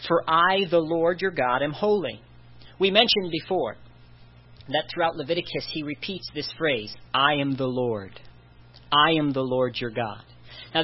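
A man's voice: mid-range voice, breathy edge. A man preaching a sermon in an earnest way, repeating phrases for emphasis. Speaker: pastor. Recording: dull lo-fi sound.

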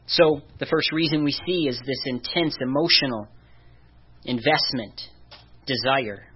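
A preacher giving a conversational sermon, chuckling softly now and then. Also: mid-range voice, a little slow, husky. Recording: dull lo-fi recording.

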